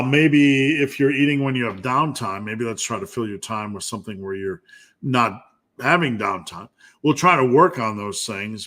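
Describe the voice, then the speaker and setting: With a medium-pitched, fairly bright voice, a man who coaches lifting fields questions from viewers on his live stream. He keeps it loose and jokey, working things out out loud.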